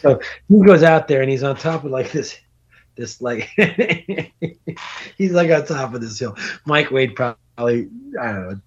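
A middle-aged man, a podcast guest, telling a long road story in casual, animated talk, swearing and laughing as he goes. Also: mid-range voice, a little slow, slightly rough. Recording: dull lo-fi podcast audio.

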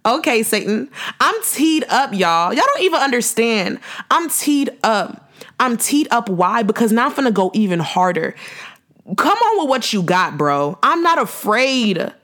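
A young woman with a somewhat high voice hosts her own podcast, delivering a fervent faith testimony. She speaks in a driving preaching cadence, hammering phrases again and again in casual slang. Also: sing-song, measured pace, fairly bright tone. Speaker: podcast host.

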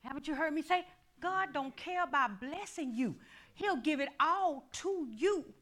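A middle-aged woman pastor preaches in call-and-response style, her voice very high and bright. She swings from quiet asides to ringing shouts. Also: expressive, a little slow, poor audio. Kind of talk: sermon.

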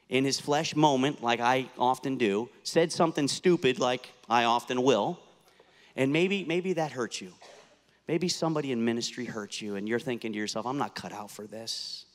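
A man's voice: mid-range voice, normal speed. A pastor in his fifties, born and raised in the United States, preaching an earnest sermon that rises to impassioned intensity. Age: 50s. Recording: long hall reverb.

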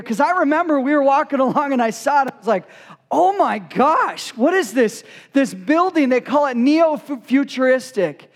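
A man with a strikingly high voice tells an animated story to a crowd. He talks as a guest speaker, with quick asides. His voice rings in a big hall with long reverb. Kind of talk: storytelling talk to a youth group.

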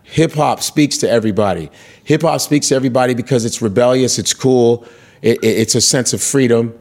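A male stand-up comedian telling stories in casual chat, animated and profane, acting out the voices of the people in his stories. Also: mid-range voice, fairly quick. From United States.

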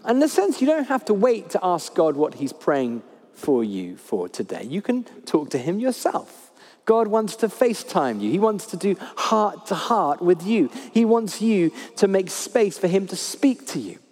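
A man preaching a sermon, speaking with lively emphasis and repeating his key phrases. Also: sits high, moderate pace, big-room sound. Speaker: pastor. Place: church hall.

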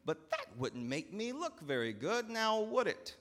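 A man voicing a powerful, shrewd master who speaks slowly and deliberately, in a long church reverb. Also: high voice, huge pitch swings, a bit bright, pitched above the performer's own voice, exaggerated voice. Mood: measured. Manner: slow, measured, deliberate. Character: shrewd, powerful male master, calm and wry.

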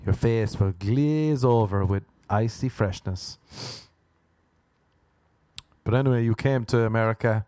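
Originally from Ireland and now based in Los Angeles, a man hosts a podcast where he meanders through crude comedy and drops into silly voices. His mid-range voice is mellow and slow, with frequent pauses.

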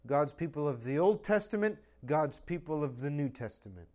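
High-pitched guy preaching hard, lots of rhetorical questions, firm and dogmatic. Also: lively intonation, moderate pace, warm tone. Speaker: pastor. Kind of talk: sermon.

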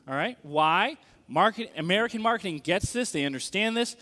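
A man preaching a sermon in a conversational, animated way, often checking in with the audience. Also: sits high, brisk, hardly any pauses. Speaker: pastor. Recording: long reverb of a large hall.

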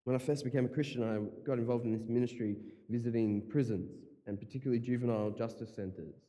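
Pastor, dark voice, hall reverb. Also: male voice, medium pitch, fairly even intonation, quick pace, dull audio. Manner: emphatic, repeats key phrases, casual asides. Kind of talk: sermon.

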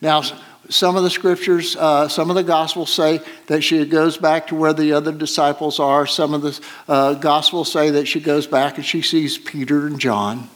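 A man preaching a sermon, retelling a scripture story slowly with many pauses and fillers. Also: fairly high pitch, steady tone.

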